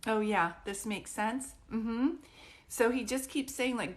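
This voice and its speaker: A woman's voice: fairly high pitch, moderate pace. A woman psychic medium doing a casual live-stream reading, speaking in a reassuring way and often checking whether things make sense. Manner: warm, reassuring, frequently checks in with "do you know what I mean?".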